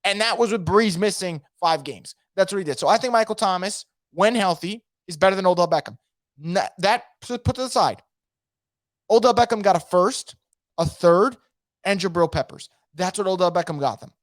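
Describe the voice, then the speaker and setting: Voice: medium pitch, expressive, moderate pace, dry recording, studio quality. A sports podcaster giving emphatic, opinionated takes straight to the listener in a solo podcast. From fan of a New Orleans team.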